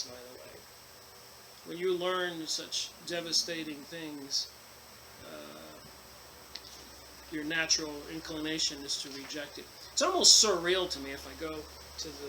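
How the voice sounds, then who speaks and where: A channel host with a high, bright voice reads passages from a book aloud, then drifts into loose, repetitive commentary packed with fillers and false starts. The audio is poor, with a faint hiss of background noise underneath.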